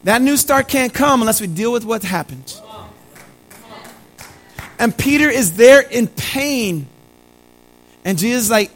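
A man with a notably high, light voice preaches a sermon. He is earnest and repeats his key lines for weight, speaking to his congregation as family. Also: animated, unhurried, long pauses, poor audio. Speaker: pastor.

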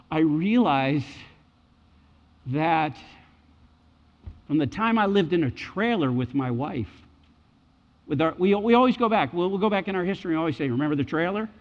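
A man's voice: a little high, expressive, normal speed, long reverb tail, muffled recording. A middle-aged man preaching a sermon, emphatic and repeating key phrases for weight. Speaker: pastor.

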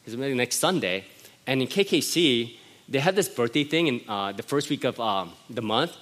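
Lively middle-aged male pastor preaching. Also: medium pitch, moderate pace. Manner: conversational preaching, animated storytelling with laughs. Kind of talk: sermon.

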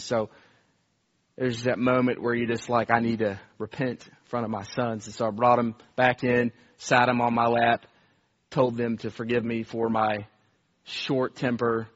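A man's voice: mid-range voice, little pitch movement, unhurried, dull audio. A man preaching a conversational sermon, telling stories earnestly with frequent restarts and repeated words. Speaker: pastor.

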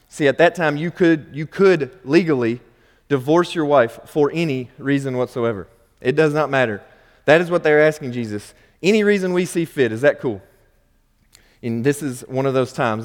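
A man preaching a sermon as pastor, conversational, with wry asides and acted-out questions. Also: on the high side. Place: church sanctuary. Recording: long hall reverb.

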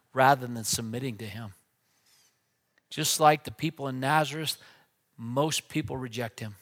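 A man preaching a sermon with dynamic delivery, dropping to a hush and then rising to loud, emphatic lines. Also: mid-range voice, moderate pace.

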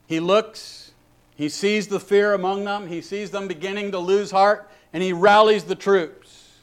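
Man preaching a sermon, pushes hard on the big lines, kinda high voice. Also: steady tone, a little slow. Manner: emphatic, rising to exhortation. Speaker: pastor.

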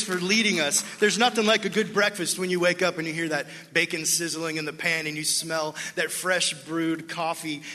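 A man preaching a sermon to a church congregation, telling a story and acting out its dialogue in an animated way. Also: high-pitched. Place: church sanctuary. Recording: long hall reverb.

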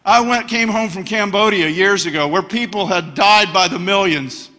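A middle-aged man preaching a passionate sermon as a guest speaker, telling stories and swinging to loud bursts. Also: high-pitched, normal speed. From United States. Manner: passionate, storytelling, bursts of shouting. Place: church hall. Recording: church hall reverb.

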